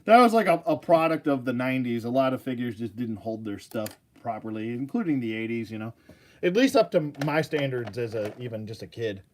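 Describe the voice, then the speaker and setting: A man's voice: mid-range voice, expressive, fairly quick. A man casually rambling about his toy collection, joking, laughing and losing his train of thought.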